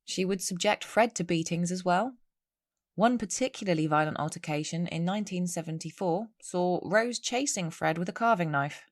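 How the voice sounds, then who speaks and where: A woman's voice: on the low side, normal speed, no echo, clean studio sound. A woman hosting a solo true-crime podcast, telling the story with chatty, wry asides. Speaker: podcast host.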